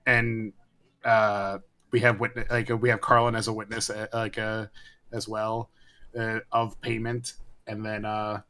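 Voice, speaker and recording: A man with a bright, forceful voice talks at a tabletop game. He speaks very slowly and fills his sentences with pauses and fillers. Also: fairly low pitch, flat delivery. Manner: slow, filler-heavy, laughing. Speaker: player. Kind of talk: casual chat at a game table.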